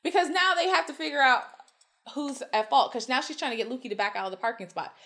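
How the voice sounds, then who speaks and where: Animated woman storyteller, fairly high voice. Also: fast. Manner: animated, acts out quotes with big pitch jumps, swears freely. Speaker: podcast guest. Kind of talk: casual storytelling chat.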